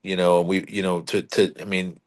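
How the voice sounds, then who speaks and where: A middle-aged man with a somewhat low voice talks shop as a guest on a podcast. He is a car dealership leader who speaks bluntly and emphatically, with a little salty language. He often repeats himself and restarts his sentences as he builds his point. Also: flat delivery, moderate pace. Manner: salty, blunt sales talk. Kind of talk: casual interview talk.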